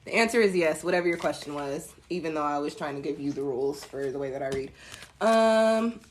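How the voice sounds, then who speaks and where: A woman's voice: low-pitched, a little fast, slight background noise. Laid-back woman chatting on a live stream. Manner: relaxed, chatty, laughs at herself, addresses viewers as y'all. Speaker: tarot reader. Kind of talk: casual live-stream chat.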